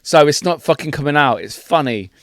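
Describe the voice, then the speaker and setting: A man's voice: a little high, animated, brisk, no echo, studio quality. Teasing, laughing man co-host. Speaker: podcast co-host. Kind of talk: casual banter.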